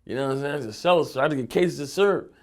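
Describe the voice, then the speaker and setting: Talking very fast in a slightly high voice, this young man from Philadelphia spins loose, street-smart tales while being interviewed as a rapper. He swears a lot and keeps saying "you know what I'm saying."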